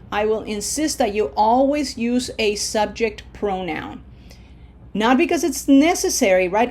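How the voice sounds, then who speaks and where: Woman, language teacher, patient and steady, models words slowly, lots of check-ins. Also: a little high. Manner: patient, checks in with "okay?" and "right?" often; slows down to model words clearly. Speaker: Spanish teacher. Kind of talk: recorded language lesson.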